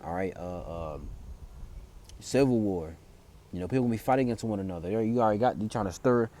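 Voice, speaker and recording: A male preacher giving an informal commentary that mixes scripture and news. His voice sits low and mellow, and he reads passages aloud before talking them through in loose, halting speech with many fillers and restarts. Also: a little hiss or hum. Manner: reads verses aloud, then explains them.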